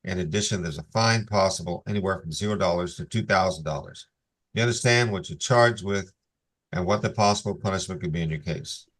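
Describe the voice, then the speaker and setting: Male judge on a video-call hearing; lowish voice, steady and formal, reads plea warnings. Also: fairly quick.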